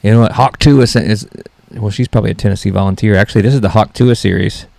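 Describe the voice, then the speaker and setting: A man's voice: on the low side, steady tone, fast, creaky, darkish tone, dry recording. A young man hosting a solo comedy podcast, rambling and mocking himself as he jokes. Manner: rambling, self-mocking, jokey. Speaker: podcast host.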